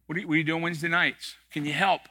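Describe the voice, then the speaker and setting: Bright-voiced, joking male pastor preaching. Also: a little high, steady tone, racing. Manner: conversational, joking, emphatic. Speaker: executive pastor. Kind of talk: sermon. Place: church sanctuary.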